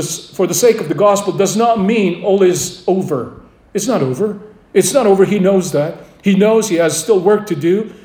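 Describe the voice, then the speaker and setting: A man's voice: high-pitched, darkish tone. A man preaching a sermon, emphatic and repeating his key phrases, with a story told along the way. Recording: roomy echo.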